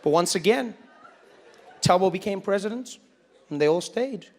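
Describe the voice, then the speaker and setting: Animated South African comedian, high-voiced. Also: male voice, normal speed, some chatter behind. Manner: animated storytelling, lots of voices. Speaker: stand-up comedian. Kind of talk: stand-up comedy.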